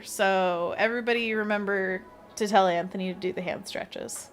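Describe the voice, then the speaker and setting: A woman's voice: medium pitch, fairly even intonation, normal speed, slight background noise. A woman hosting a casual art livestream, chatting and giggling as she reads chat aloud and talks to herself while she draws.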